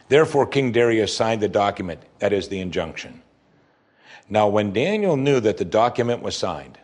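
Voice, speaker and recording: A man's voice: fairly low pitch, darkish tone, slightly rough. A man preaching a sermon, reading scripture aloud and commenting on it with rising emphasis. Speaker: pastor.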